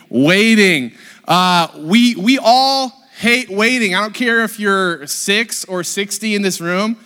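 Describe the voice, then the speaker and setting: A man in his thirties, a pastor, giving a lively, joking live sermon to his congregation, with lots of fillers and restarts. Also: mid-range voice, clean tone. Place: church sanctuary with a congregation. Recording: long reverb of a church hall.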